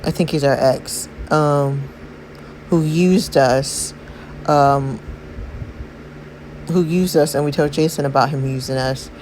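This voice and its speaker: A woman's voice: low voice, steady tone, slow, pauses often, a little mellow, slight background noise, poor audio. A woman hosting a gaming channel, rambling through a casual recap and commentary with many fillers and self-corrections. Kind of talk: casual story recap and gameplay narration.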